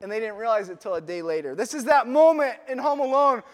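A man's voice: extremely high pitch, fairly even intonation, fast. A man preaching a sermon as a pastor, telling the story playfully with joking asides. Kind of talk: Father's Day sermon. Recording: long reverb of a large hall.

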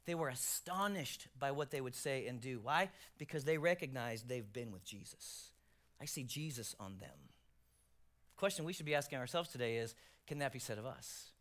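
A male pastor preaching a sermon, swinging from loud emphasis to hushed near-whispers, with jokey self-deprecating asides. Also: medium pitch, a little fast, few pauses.

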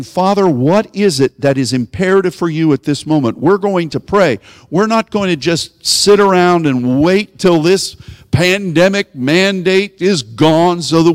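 A male pastor preaching a sermon in a voice a bit higher than most men's. He moves from easy conversational storytelling to emphatic exhortation. His words ring out with a long reverb in a large hall. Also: clean studio sound.

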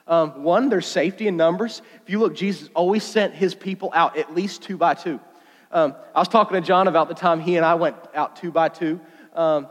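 A middle-aged male pastor preaching a sermon, animated and storytelling, often breaking off with fillers. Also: high-pitched. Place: church sanctuary. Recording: long hall reverb.

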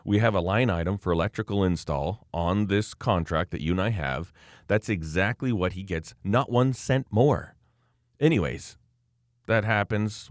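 A man's voice: fairly low pitch, moderate pace, dry recording, studio quality. A man in casual chat, telling a worked-up story and acting out the quoted lines, with many fillers. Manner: acts out quoted dialogue. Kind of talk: casual chat, ranting anecdote.

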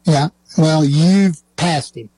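A man calling in to a sports radio show, arguing his point in a measured way. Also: fairly high pitch, dark tone, breathy edge, no echo, poor audio. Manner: measured, argumentative. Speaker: caller. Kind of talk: call-in sports talk radio.

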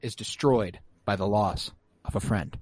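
A man recapping a show episode in casual chat, animated and swearing freely as he acts out his reactions. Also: fairly low pitch, unhurried, no room sound. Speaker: podcast host recapping an episode.

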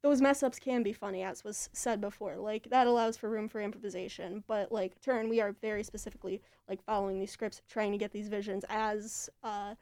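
A young woman with a mellow, warm voice chats in a casual panel. She talks quickly and loosely, saying "like" again and again. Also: medium pitch, steady tone. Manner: chatty, heavy use of "like".

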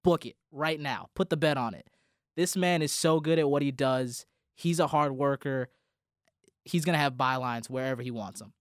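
A man's voice: medium pitch, normal speed, no echo, clean studio sound. A young man, a college radio host, giving a heartfelt, rambling farewell speech to his colleagues on air, with many restarts. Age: young adult.

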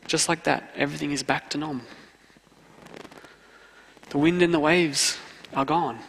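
A student pastor preaching a sermon in an earnest way, repeating key phrases for emphasis. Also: male voice, a little high, steady tone, measured pace, vocal fry, fairly bright tone, a little hiss or hum. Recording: long hall reverb.

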